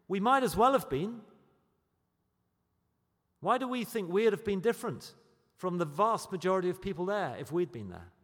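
A man preaching a sermon, moving between loud, emphatic declarations and quiet, storytelling asides. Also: high-pitched. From Britain. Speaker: pastor. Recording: long hall reverb.

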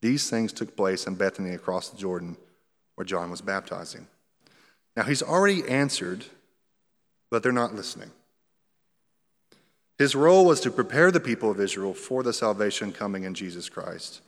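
A man's voice: lowish voice, moderate pace, long pauses, big-room sound. A male pastor preaching an expository sermon in a conversational way, explaining scripture verse by verse with light humor.

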